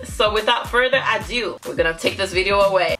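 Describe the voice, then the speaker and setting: A woman hosts a casual YouTube reaction vlog, bubbly and giggly, gushing exclamations to her viewers. Her voice is medium-pitched and quick, with music playing in the background.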